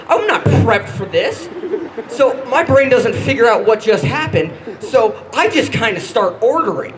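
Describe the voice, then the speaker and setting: A young man performing a stand-up comedy set, halting and self-deprecating, often stumbling and restarting his lines. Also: very high voice, big pitch swings, fairly bright tone, slight background noise, rough recording.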